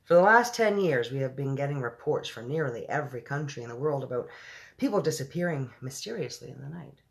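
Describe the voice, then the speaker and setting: A woman's voice: a bass voice, lively intonation, a little fast, vocal fry, heavily acted. A woman voicing a blunt, hawkish male army commander in a near-plain, raised voice.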